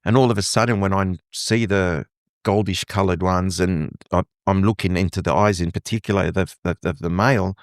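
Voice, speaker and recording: A man's voice: low-pitched, fairly even intonation, normal speed, dry recording, studio quality. A middle-aged man from Lebanon, a guest telling his story with animation and acting out quoted dialogue. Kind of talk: conversational interview.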